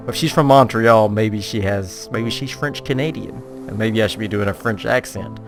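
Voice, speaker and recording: A man's voice: lowish voice, moderate pace, gravelly, hardly any pauses, soft background music. A man giving casual, playful, self-mocking commentary on a video game. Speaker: let's play gamer.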